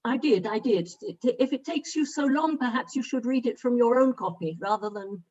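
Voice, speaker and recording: A woman hosting an online meeting, talking haltingly with many fillers while she sorts out settings on a video call. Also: fairly high pitch, animated, darkish tone, lo-fi sound. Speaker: event host.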